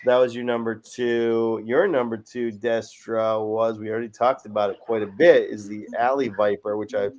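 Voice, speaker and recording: A man's voice: on the low side, little pitch movement, moderate pace, few pauses, darkish tone. A man hosting a casual podcast chat, blunt and profane, rambling from point to point. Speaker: podcast host.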